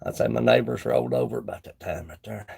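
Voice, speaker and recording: A man's voice: very deep voice, lively intonation, quick pace, creaky, a little mellow, breathy edge. A man talking casually on a live stream from his woodshop, rambling and chatting with viewers between tasks. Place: woodworking shop.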